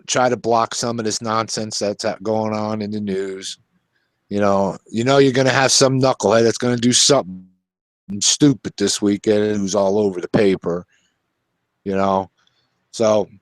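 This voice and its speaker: A man's voice: lowish voice, no echo. An older man hosting a casual talk show, telling folksy stories and laughing often. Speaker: show host.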